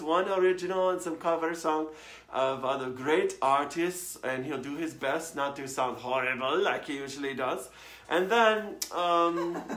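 A woman doing a low, drawling diva hostess. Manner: slow, low and drawling, calls everyone darling. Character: theatrical foreign hostess woman, doting, dramatic. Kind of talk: home comedy show hosting. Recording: echoey home room, faint guitar.

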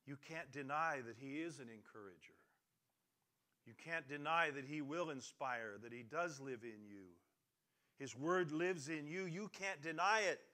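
A man preaches to his congregation with a slightly raised pitch and a vivid, cutting brightness in his voice. He rises to loud, emphatic peaks and then drops to near-murmurs, leaning on repeated phrases the way a pastor does from the pulpit. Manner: dramatic swings from loud emphatic lines to quiet near-murmurs. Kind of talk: sermon.

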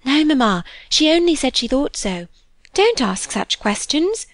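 A woman's voice: high-pitched, big pitch swings, unhurried, no room sound, studio quality, voice pushed up. Woman voicing a sweet, eager young girl. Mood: shy. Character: shy, affectionate young girl.

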